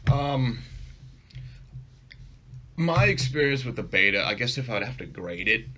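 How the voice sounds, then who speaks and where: A man co-hosting a casual podcast chat, animated and quick to laugh. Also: mid-range voice. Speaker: podcast co-host.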